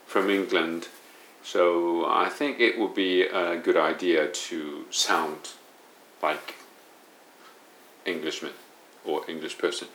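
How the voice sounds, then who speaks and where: Low, gravelly Kansai Japanese man. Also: a bit bright. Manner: hesitant, many fillers and self-corrections. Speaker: university English teacher. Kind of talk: casual solo monologue. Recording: roomy echo.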